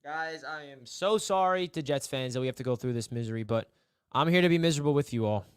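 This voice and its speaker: A man's voice: mid-range voice, fast talker, clean tone, no echo, studio quality. A young man hosting a casual live sports stream, rambling and mock-despairing, repeating himself.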